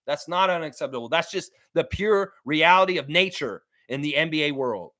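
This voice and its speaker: A male sports streamer reacting live to his chat, blunt and animated, his pitch jumping up and down as he hammers his points home. His voice is fairly high for a man. The sound is dry and close, with no room echo. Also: normal speed, few pauses. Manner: blunt, animated, swears freely, repeats himself for emphasis.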